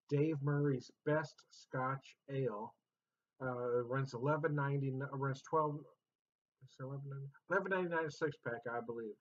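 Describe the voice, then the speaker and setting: Jokey middle-aged man reviewing beer. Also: mid-range voice. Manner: jokey, rambling, laughs often at himself. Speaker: beer reviewer and channel host. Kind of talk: casual beer review vlog. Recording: dull lo-fi sound.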